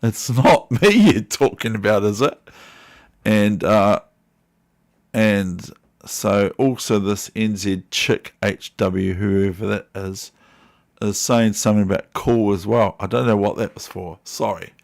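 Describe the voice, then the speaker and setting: A man with a New Zealand accent and a heavily gravelly, fry-laden voice sitting a little low in pitch. He streams chess puzzles live, mutters candidate moves to himself and drifts into casual remarks to his chat. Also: slow. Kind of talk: live-stream commentary while solving puzzles.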